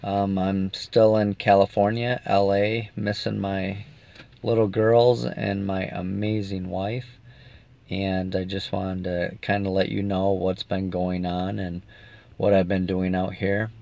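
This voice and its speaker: A man with a very low, gravelly voice talks to his viewers from inside a car, rambling and emotional as he goes. His delivery stays flat and even, and the sound is dry and dull, like a lo-fi phone recording. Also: slow. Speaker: activist giving an update. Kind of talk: casual video update. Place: sitting in a car.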